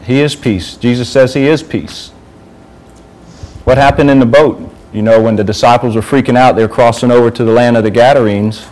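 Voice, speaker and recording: A man's voice: mid-range voice, steady tone, brisk, a little mellow, low-quality recording. A man giving an informal sermon to a youth group, talking conversationally and asking the group questions.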